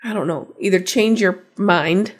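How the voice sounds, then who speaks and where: A woman's voice: medium pitch, measured pace. A woman co-hosting a podcast, talking casually with a nasal, stuffed-up voice from a cold, wry and self-mocking. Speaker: podcast co-host. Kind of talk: casual chat.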